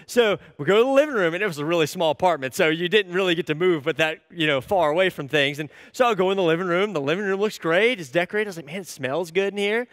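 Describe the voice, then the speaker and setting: A man in his thirties giving a sermon as an animated, self-deprecating storyteller. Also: sits high, quick pace, hardly any pauses, no room sound, clean studio sound, big-room sound. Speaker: church staff speaker.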